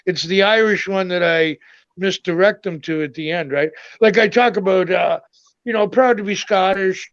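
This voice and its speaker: A man with a high-sitting voice, a comedian guest, tells stand-up stories in a casual chat at normal speed, acting out the voices of the people in them. The recording sounds muffled.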